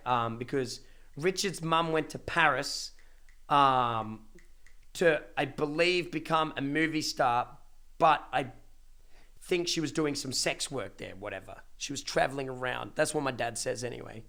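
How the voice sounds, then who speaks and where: A young man, a streamer casually telling a family story to his live chat, emphatic and repetitive, swearing freely. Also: medium pitch. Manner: animated, emphatic repetitions and dramatic pauses.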